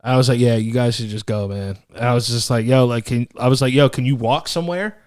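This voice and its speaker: Laid-back swearing podcast co-host. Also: male voice, mid-range voice, quick pace, a little mellow, clean tone, no echo, studio quality. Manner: laid-back, profane, chiming in and reacting. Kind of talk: casual chat.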